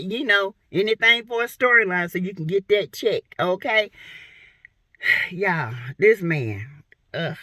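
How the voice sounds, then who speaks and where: A woman's voice: medium pitch, pushed and bright, no room sound. A woman from South Carolina giving blunt, sassy gossip commentary on reality TV. She talks to her viewers in a playful, exclamatory way.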